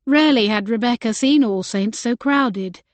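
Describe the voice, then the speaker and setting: A woman narrating a romance novel in a gentle storytelling manner. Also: on the high side, normal speed, no room sound. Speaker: audiobook narrator. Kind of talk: scripted narration.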